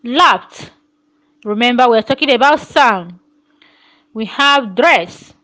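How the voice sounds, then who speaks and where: A woman teaching a phonetics lesson, repeating words slowly and asking rhetorical questions. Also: fairly high pitch, animated, a bit bright, rough recording. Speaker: English teacher.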